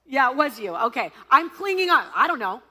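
A woman pastor preaching a sermon, telling a story in an animated, laughing, dramatic way. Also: high-pitched, brisk, a little hiss or hum. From United States.

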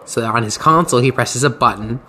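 A man's voice: mid-range voice, a little fast, pushed and bright, a little hiss or hum. A man hosting a podcast, telling a story in casual, profane, rambling chat. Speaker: podcast host.

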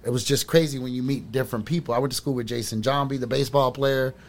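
A middle-aged man spins loose, winding stories in heavy street slang. He speaks in a relaxed, conversational voice of middle pitch, with lots of filler and restarts. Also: fast talker. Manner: rambling street-slang storytelling. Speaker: storyteller on a podcast. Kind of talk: casual chat.

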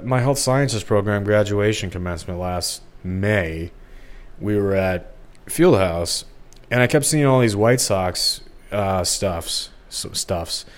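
Low-voiced rambling young man. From Missouri, St. Louis area. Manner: rambling, digressive, full of fillers and restarts. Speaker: podcast host. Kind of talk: rambling solo podcast chat.

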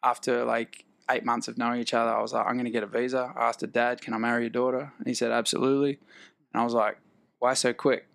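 A man's voice: mid-range voice, quick pace, vocal fry. An Australian man, an actor, telling stories in a casual chat and acting out the dialogue he quotes. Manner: animated, acts out quoted dialogue, laughs between lines. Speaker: actor and guest. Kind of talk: casual storytelling.

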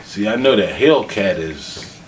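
A man making brief, low-key remarks in a casual chat. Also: animated, measured pace, recorded from a distance, slight background noise, poor audio.

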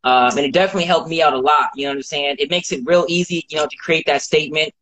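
Easygoing man, slightly high voice. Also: steady tone, rapid-fire, a bit bright, poor audio. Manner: easygoing, heavy on "you know what I'm saying". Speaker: course member giving a testimony. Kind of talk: casual live-stream chat.

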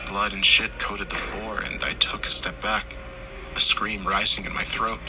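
A man narrating a horror story, acting out the characters' lines and rising to shouts in tense moments. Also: lowish voice, flat delivery, moderate pace, background noise. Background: music.

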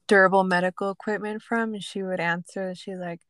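A young woman co-hosting a podcast, telling stories in a lively, casual way and swearing freely. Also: medium pitch, fairly quick, dry recording. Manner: animated storytelling, swears casually. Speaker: podcast co-host. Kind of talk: casual chat.

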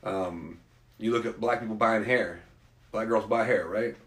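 A man's voice: fairly low pitch, measured pace, creaky. A man talking casually in a rambling, opinionated way, like a podcast host. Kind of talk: casual conversation. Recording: roomy echo.

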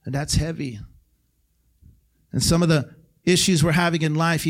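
A middle-aged man preaching a sermon as guest pastor in a church, talking in a conversational way that jumps to shouted peaks and drops to hushed lines. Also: on the high side, fairly even intonation, moderate pace, pauses often. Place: church sanctuary.

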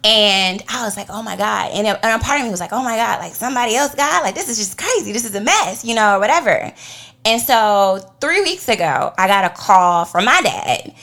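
A woman co-hosting a faith podcast, telling a personal story with lively acted-out quotes. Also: medium pitch, fairly quick, gravelly. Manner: animated storytelling, acts out quotes. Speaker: podcast co-host.

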